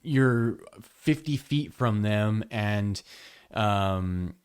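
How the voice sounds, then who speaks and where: A man's voice: on the low side, extremely slow, a little mellow, clear, resonant tone. A man who teaches yoga, hosting his podcast and telling a personal story in a frank, emphatic, conversational way. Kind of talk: candid podcast monologue.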